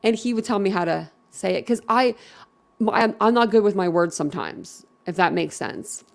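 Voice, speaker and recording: A woman's voice: mid-range voice, lively intonation, normal speed, vocal fry. A woman from Philadelphia chatting casually on a live stream, rambling and outspoken with her viewers. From Philadelphia, USA.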